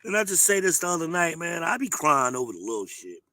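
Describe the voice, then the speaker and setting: Hoarse, emphatic man giving blunt advice. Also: on the high side, very animated, fast, sharp tone, no room sound. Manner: emphatic, preachy, blunt with cursing. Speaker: advice show host. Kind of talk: casual advice monologue.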